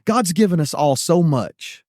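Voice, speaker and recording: A man's voice: on the high side, animated, unhurried, darkish tone, no room sound, studio quality. A man hosting a podcast, speaking earnestly in casual conversation and repeating phrases for emphasis.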